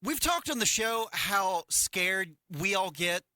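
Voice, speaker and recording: This middle-aged morning radio co-host has a high voice and takes his time, with no room sound. Using a studio microphone in a radio studio, he spins stories in casual banter, bringing them to life by acting out the people he quotes.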